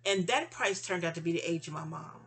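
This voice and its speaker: A woman's voice: fairly low pitch, fairly quick, a bit bright, a little hiss or hum. A woman hosting her own channel, venting in a casual, rambling monologue full of restarts and trailing asides. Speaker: channel host.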